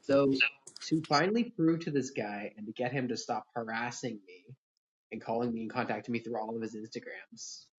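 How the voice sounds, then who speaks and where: Brief: easygoing man hosting a chat, husky voice, muffled lo-fi line. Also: mid-range voice, normal speed. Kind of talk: casual chat.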